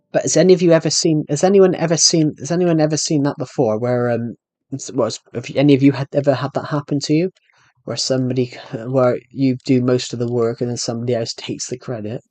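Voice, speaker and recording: A young man is live streaming a game and chatting casually, telling a rambling, aggrieved story in which he keeps repeating and restarting phrases. His mid-range voice is steady in tone, somewhat dark, and a little fast, with no room sound.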